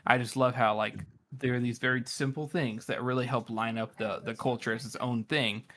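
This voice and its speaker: A man co-hosting a casual book discussion podcast, speaking at a mid pitch. He rambles and thinks aloud, circling his point with fillers before landing it. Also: steady tone, moderate pace, a bit bright, a little hiss or hum. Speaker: podcast co-host.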